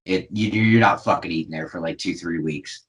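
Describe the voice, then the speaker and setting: Rambling American podcast co-host. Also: male voice, sits low, moderate pace, fairly bright tone, husky, poor audio. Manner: rambling, sweary, laughs easily. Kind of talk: casual chat.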